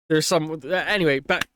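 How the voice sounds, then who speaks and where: Smooth-voiced man running a tabletop game. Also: fairly high pitch, fairly bright tone, dry recording, studio quality. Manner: rambling, self-correcting, laughs at himself. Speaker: game master. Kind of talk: narrating a tabletop game on a stream.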